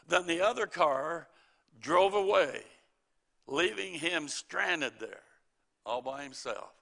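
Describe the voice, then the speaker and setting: A man preaching a sermon in a bright, forceful voice that sits a little high for a man. He tells folksy stories and quotes scripture, chuckling at his own jokes. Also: lively intonation, slow pace, vocal fry.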